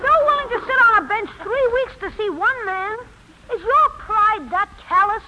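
A woman's voice: very high voice, animated, moderate pace. A woman voicing a pompous, stilted boy genius in a 1940s radio comedy. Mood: scornful. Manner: lofty, stilted, pompous wording. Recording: hissy old radio broadcast.

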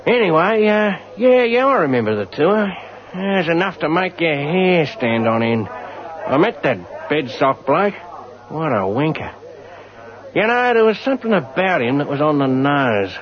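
A man's voice: fairly high pitch, sing-song, a little slow, muffled recording. A man playing an old, boozy, muddled Australian journalist with an Australian accent, rambling in a forgetful drawl.

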